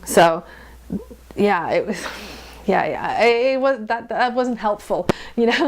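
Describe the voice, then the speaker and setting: A woman's voice: medium pitch, lively intonation, measured pace. A woman in her thirties, an interview guest, talking frankly and animatedly and laughing often. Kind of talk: candid personal conversation.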